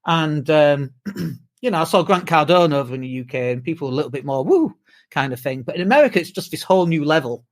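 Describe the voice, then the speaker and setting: Higher-voiced British man telling stories. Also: quick pace. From United Kingdom. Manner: swearing, animated storytelling with mimicked whoops. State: exhausted from jet lag. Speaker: podcast co-host. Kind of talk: casual chat.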